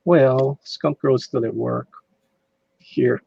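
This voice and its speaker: Husky-voiced man on a muffled mic. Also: medium pitch, fairly even intonation, takes it slowly, warm tone, no echo. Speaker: artist on a live drawing stream. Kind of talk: casual live-stream chat. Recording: dull lo-fi mic.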